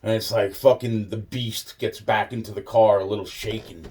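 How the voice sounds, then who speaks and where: Rambling man with a dark mellow voice. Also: lowish voice, fairly even intonation, moderate pace. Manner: meandering, heavy swearing, trailing off into repeated fillers. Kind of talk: rambling personal storytelling.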